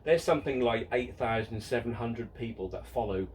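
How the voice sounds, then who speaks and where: A man's voice: medium pitch, normal speed, slight background noise. A man hosting a casual question-and-answer vlog about his model railway, rambling and chatty, often repeating words and mocking himself. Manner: self-mocking and exasperated.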